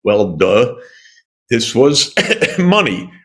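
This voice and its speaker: A man in his sixties from the United States, answering interview questions in an emphatic, indignant way with sarcastic asides and many pauses. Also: medium pitch, big pitch swings, a bit bright. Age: 60s. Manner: frequent "uh" pauses and restarts. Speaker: economist interviewee.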